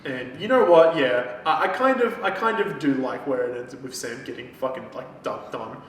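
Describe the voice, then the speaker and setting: A man co-hosts a casual book-review chat, his voice medium-pitched and his pace normal. He swears freely while recapping the plot, acting out the characters' lines as he goes. The recording is echoey, picked up by a distant mic with faint noise.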